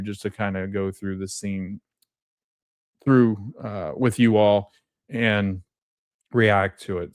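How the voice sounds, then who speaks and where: A man's voice: on the low side, smooth, no echo, studio quality. A man hosting a podcast, recapping a TV episode in casual, rambling talk full of fillers and restarts, early in the morning. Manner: rambling, with fillers and self-corrections. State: just waking up, coffee kicking in. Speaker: podcast host.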